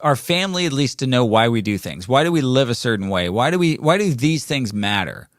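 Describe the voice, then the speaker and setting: A man's voice: mid-range voice, very animated, a little fast, no echo, clean studio sound. A man in his forties hosting a podcast alone, talking in a rambling, playful way with many fillers and self-corrections. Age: 40s. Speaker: podcast host. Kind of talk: casual solo podcast monologue.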